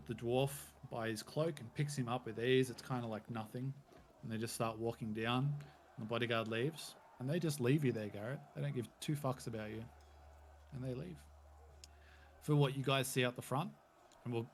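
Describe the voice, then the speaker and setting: A man's voice: mid-range voice, fairly even intonation, fairly quick, slight background noise. A man narrating as game master, with loose, rambling descriptions full of hedging fillers.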